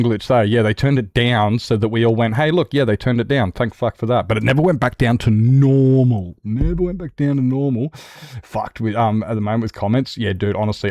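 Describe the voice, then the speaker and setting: A man's voice: mid-range voice, darkish tone, no room sound, studio quality. An Australian man streaming a game and ranting, heated and sweary, jumping between points. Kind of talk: live-stream rant while gaming.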